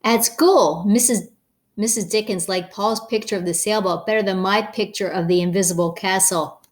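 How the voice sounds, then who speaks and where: A woman reading a children's picture book aloud, expressive and playful, stopping to comment on the pictures. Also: medium pitch, moderate pace. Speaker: storybook reader.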